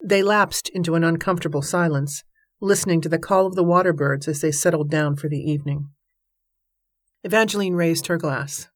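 A woman reading a novel aloud in an even, measured narration. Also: sits low, no echo, clean studio sound. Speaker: audiobook narrator. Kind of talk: scripted narration.

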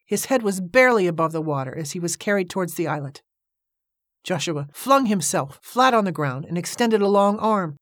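A woman narrating an audiobook in a steady, measured storytelling manner, recorded on a close microphone. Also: on the low side, dry recording.

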